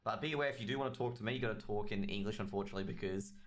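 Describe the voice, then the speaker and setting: An esports caster with an Australian accent races through chatty, rambling solo commentary on a livestreamed match, addressing his chat directly. His voice sits lowish.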